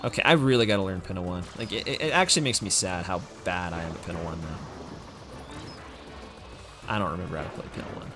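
A man's voice: deep voice, fast, pauses often, music in the background. A young man speedrunning a game on a live stream, chatting casually and making self-deprecating jokes to his viewers.

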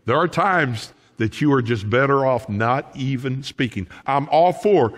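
Male pastor, folksy and animated sermon delivery, pitch all over the place, church hall reverb. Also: unhurried. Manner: animated, folksy preaching with asides to the congregation. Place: church sanctuary.

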